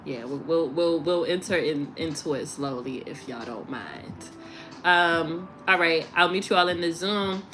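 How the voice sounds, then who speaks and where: Over music, a female tarot reader chats casually on her live stream, animated, laughing, swearing and making fun. As she signs off, she settles low and slow.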